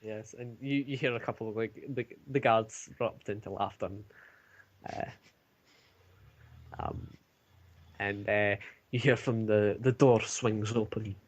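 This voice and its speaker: A man running a tabletop game as game master, narrating with many pauses and fillers. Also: fairly low pitch, steady tone. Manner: hesitant, many fillers, laughs at own jokes.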